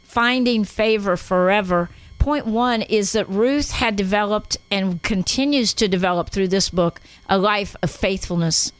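A woman's voice: medium pitch, a little slow, few pauses, smooth, dry recording, poor audio. A woman hosting a Christian radio show as a pastor, talking in an enthusiastic, encouraging way. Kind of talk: casual Christian radio talk.

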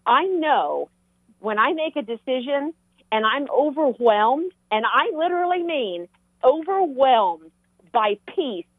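A woman's voice: sits high, slow, dry recording. Southern older woman on a tinny line. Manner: animated testimony with laughter. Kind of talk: Christian talk show chat.

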